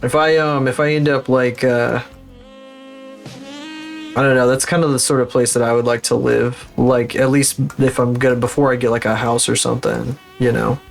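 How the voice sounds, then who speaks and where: A man's voice: mid-range voice, level tone, moderate pace, creaky, faint music behind. Rambling, foul-mouthed male streamer. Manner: rambling, swears freely, laughs at his own stories. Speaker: livestreamer. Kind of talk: casual livestream chatter.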